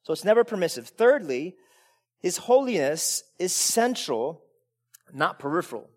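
A man preaching a sermon, swinging between quiet asides and emphatic peaks, often repeating words as he restarts. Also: sits high, very animated, a little slow. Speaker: pastor.

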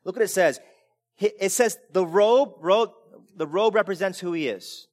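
A man preaching a sermon, swinging between quiet asides and emphatic peaks, often repeating words as he restarts. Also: sits high, moderate pace. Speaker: pastor.

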